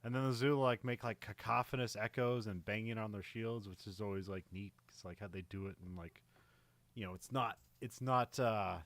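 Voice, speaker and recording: A man's voice: on the low side, fairly even intonation, moderate pace, a bit bright, no room sound. A man casually recapping a war film on a podcast, rambling with lots of "like" and frequent laughs. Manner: rambling, many fillers and laughs. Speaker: podcast co-host. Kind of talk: casual movie recap chat.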